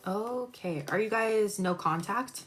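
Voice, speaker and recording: A woman doing a live-stream tarot reading, chatty and expressive, jumping from excited squeals to low murmurs as she talks to her viewers. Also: slow. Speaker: tarot reader.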